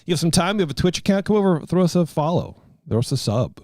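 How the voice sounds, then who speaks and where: A man's voice: on the high side, big pitch swings, quick pace, darkish tone, no echo, clean studio sound. A man in his thirties hosting a podcast, telling a rambling story in casual chat. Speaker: podcast host.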